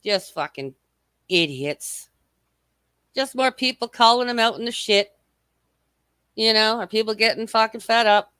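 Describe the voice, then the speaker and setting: A bright, sharp-toned woman runs a casual livestream, heaping profanity and mockery on the people she rambles about. Her voice sits a touch high for a woman, and her throat sounds a little scratchy. The recording is close and dry, with no room sound. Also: measured pace, long pauses, clean tone, dry recording. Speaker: livestream host. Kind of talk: casual livestream chat reading comments.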